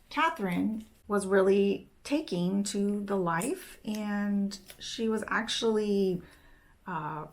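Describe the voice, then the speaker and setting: A woman's voice: medium pitch, vocal fry. A young woman casually retelling a story while she works, chatty, reporting the dialogue with "she's like" and "he's like". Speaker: book summarizing nail vlogger.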